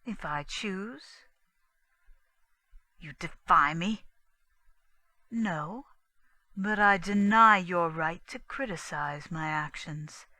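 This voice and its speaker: A cool, defiant young English wife, as a woman reader puts her on, quiet and icy in a slow storybook reading. The voice is bright and dry. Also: lowish voice, dry recording. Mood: cold.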